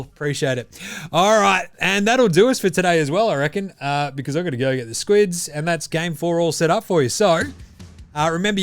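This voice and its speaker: A man's voice: a little high, clean tone, dry recording. A man with an Australian accent hosting a basketball podcast in casual, profane, blokey banter. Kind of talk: casual sports chat.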